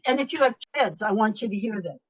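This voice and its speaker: An older woman coach giving a live webinar talk, animated and emphatic, often dropping her voice low or to a whisper for effect. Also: quick pace, breathy edge. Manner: animated, emphatic, varies loudness, drops to whispers. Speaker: speaker and leadership coach. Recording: dull lo-fi webinar audio.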